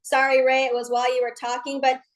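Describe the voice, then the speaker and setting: A high-voiced woman delivers a motivational talk to her sales team. She is emphatic and upbeat and drops folksy slang. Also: completely flat delivery, fast talker. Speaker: MLM team leader on a call.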